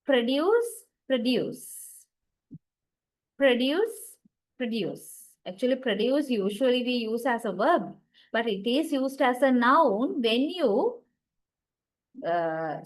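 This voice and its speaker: Recorded in rough audio, a female university lecturer with a Sri Lankan English accent teaches linguistics. She frequently checks in with "okay" and "right," and her voice is a little high.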